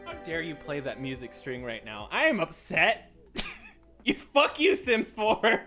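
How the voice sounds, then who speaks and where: A man streaming a video game, swearing, yelling at the game and laughing in bursts of frantic protest. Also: fairly high pitch, wildly swooping pitch, a little slow, faint music behind. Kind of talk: live-streamed gameplay commentary.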